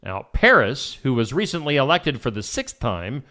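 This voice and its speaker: Midwestern man, morning show co-host, reads news with asides, animated pitch. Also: moderate pace. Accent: Midwestern American. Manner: reads news items aloud with asides and laughs. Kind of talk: casual radio news chat.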